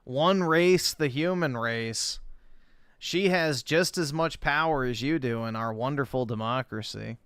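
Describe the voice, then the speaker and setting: A man's voice: medium pitch, unhurried, fairly bright tone, clear, resonant tone, dry recording, studio quality. A man hosting a reaction stream, mocking and sarcastic, who swears often. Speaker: streamer host.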